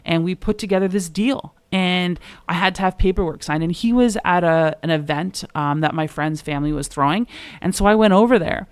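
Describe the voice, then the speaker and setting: Candid woman chatting, lower voice, dry sound. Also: smooth, dry recording. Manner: candid, swears freely, storytelling. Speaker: podcast co-host, realtor. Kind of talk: casual chat.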